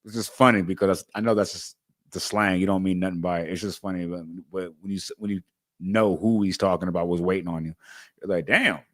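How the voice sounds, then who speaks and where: A man with a lowish voice hosts a livestream interview, earnest as he talks to his guest and his viewers. The sound is close and dry. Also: steady tone, fast, dry recording. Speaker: host.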